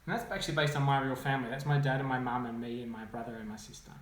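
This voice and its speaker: A man, a children's author, reading his own picture book aloud with playful, animated commentary and sound effects. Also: medium pitch, rapid-fire, a crowd in the background. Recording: echoey room, faint noise.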